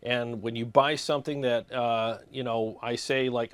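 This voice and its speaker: Man host answering comments, loose and rambling, dry close recording, mid pitch. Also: moderate pace, hardly any pauses, no room sound. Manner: casual, rambling, with many fillers and restarts. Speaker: guitar gear channel host. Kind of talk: casual chat answering viewer comments.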